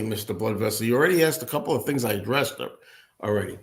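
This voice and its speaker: A man's voice: fairly low pitch, expressive, fast talker. A man hosting a casual solo livestream. He answers viewer comments indoors at a table with a laptop, rambling, thinking aloud and laughing often. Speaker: host.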